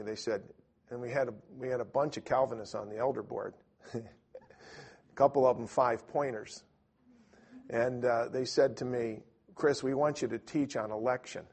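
A man with a gravelly, husky voice teaches a church class in a loose, storytelling way. He keeps restarting his sentences and pokes fun at himself along the way. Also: mid-range voice. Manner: storytelling, self-deprecating, many restarts. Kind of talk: informal teaching talk.

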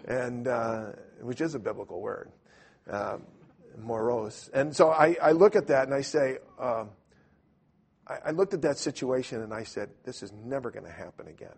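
A man teaching in a sermon style, telling a lively story and acting out voices, with loud bursts. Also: medium pitch, unhurried, creaky, breathy edge. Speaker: preacher.

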